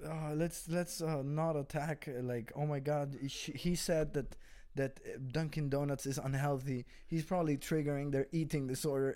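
Profane, animated man, casual podcast talk. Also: a little high, moderate pace. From Peru. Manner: profane, animated, swears often, says "dude" and "bro". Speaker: recurring guest comedian.

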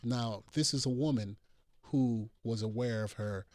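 A man's voice: medium pitch, measured pace, darkish tone. A middle-aged man from New Jersey, a doctor guest on a call-in show, telling a personal story and acting out the dialogue.

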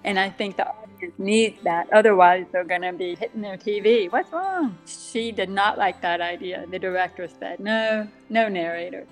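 A woman guest in a casual interview, speaking with a deaf accent that makes some sounds slightly different, chatty and quick to laugh at herself. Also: medium pitch, steady tone, soft background music. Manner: chatty, laughs often, self-deprecating asides. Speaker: guest author.

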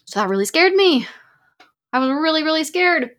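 A woman's voice: high-pitched, big pitch swings, normal speed, a bit bright. A woman in her twenties hosting a podcast in casual chat, frank and emphatic, full of "like" fillers and swearing when riled. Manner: many "like" fillers. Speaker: podcast host.

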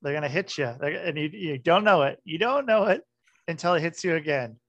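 A man hosting a podcast interview who speaks in a relaxed, halting way, with filler words and short agreements. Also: fairly high pitch, no room sound, dull audio. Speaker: podcast host.

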